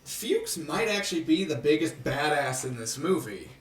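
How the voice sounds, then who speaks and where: A man co-hosting a casual movie review podcast, joking and animated with playful rants. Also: on the high side, normal speed, distant mic, slight background noise. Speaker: podcast co-host. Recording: echoey room, off-mic.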